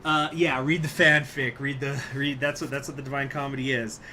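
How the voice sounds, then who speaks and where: A man's voice: medium pitch, flat delivery, brisk, bright, forceful tone, a little hiss or hum. A man chatting casually on a game stream, rambling, swearing, and animatedly retelling what he has been reading. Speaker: gaming streamer. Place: home room.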